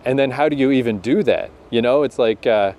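A young Canadian man co-hosting a podcast in casual chat, animated and quick to laugh. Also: medium pitch. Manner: animated, laughs often, slows down to make a point. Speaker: podcast co-host.

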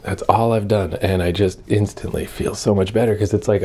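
A man's voice: on the low side, steady tone, brisk, hardly any pauses, a little mellow, breathy edge. A young man in a casual vlog monologue, rambling and self-reflective, swearing often as he talks through his day.

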